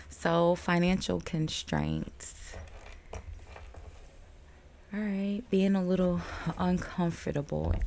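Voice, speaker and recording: On the low side with vocal fry and a slightly mellow quality, a woman just past a cold talks her way through a tarot reading at home. Her chatty, rambling style is full of fillers and light laughs, and faint outdoor noise comes through the open balcony door.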